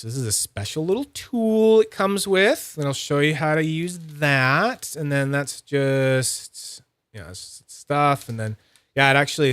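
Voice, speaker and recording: A man hosting a fidget toy channel, chatting casually and excitably, rambling, teasing himself and greeting viewers by name. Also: mid-range voice, no room sound. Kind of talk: casual rambling livestream-style review.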